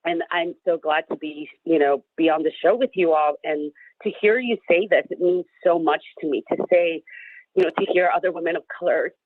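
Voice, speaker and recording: A woman's voice: sits low, fairly quick, no echo. A woman guest on a radio show, speaking earnestly with many fillers, audibly emotional and near tears. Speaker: guest, advocacy group director. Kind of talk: radio interview. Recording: thin phone line, dry.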